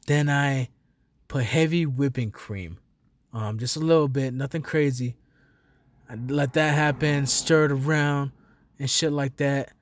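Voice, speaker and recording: A young man talking casually at a middle pitch, rambling and swearing freely as he gets excited and laughs along the way. The sound is close and dry, with no room around it. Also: no echo. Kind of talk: casual chat.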